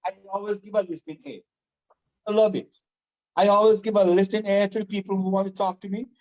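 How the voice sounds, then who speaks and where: Vincentian guy chatting fast and proud, warm mellow voice, bit dull lo-fi sound. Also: sits high. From Saint Vincent and the Grenadines. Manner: animated, fast-talking, proud. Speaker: guest. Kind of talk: casual chat.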